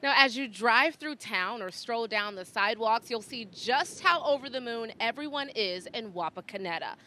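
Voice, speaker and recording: A woman with a bright, crisp voice hosts a broadcast. She presents in an upbeat, polished manner. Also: a little high, lively intonation, moderate pace. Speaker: broadcast host. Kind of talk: live broadcast hosting.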